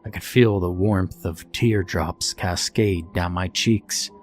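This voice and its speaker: A man reading a first-person horror story in a calm, steady scripted narration. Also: sits low, takes it slowly, a little hiss or hum.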